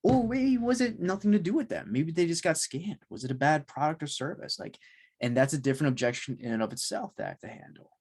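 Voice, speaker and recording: A man hosting an interview, explaining his ideas in steady, casual talk with frequent "like"s. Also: fairly high pitch, fast, slightly rough. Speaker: podcast host.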